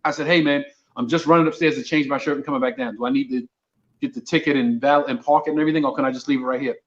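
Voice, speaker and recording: A Brooklyn comedian guest rattles through a casual story at a very fast pace, animatedly acting out the dialogue. His voice is medium in pitch, and the recording is muffled.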